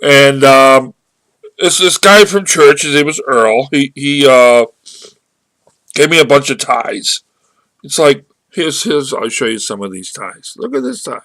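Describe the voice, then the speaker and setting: A man's voice: mid-range voice, very animated, a bit bright, no room sound. A man talking casually into his webcam, rambling and restarting his sentences as he tells a story and draws a marketing lesson from it. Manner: rambling, halting with many restarts. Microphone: webcam microphone.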